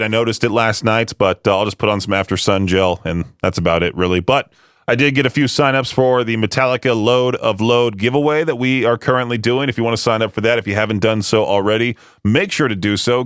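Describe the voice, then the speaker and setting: A man's voice: medium pitch, fairly quick, fairly bright tone, clear, resonant tone, no echo. A man, hosting a radio show in a chatty, rambling, self-amused way. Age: late 20s. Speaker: radio host. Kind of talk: casual radio talk. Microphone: studio microphone. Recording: dry close studio sound.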